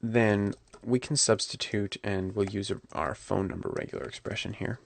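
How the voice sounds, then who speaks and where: A man talking through a coding tutorial at his computer, relaxed and correcting himself as he types. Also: fairly low pitch, moderate pace, vocal fry. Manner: relaxed, self-correcting, talks while typing. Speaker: programming instructor.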